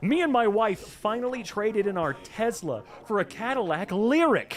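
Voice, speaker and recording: A man's voice: high-pitched, moderate pace. A man hosting a casual reaction stream, ranting sarcastically with lots of profanity. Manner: animated, profane, sarcastic rants. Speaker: VTuber streamer reacting to posts.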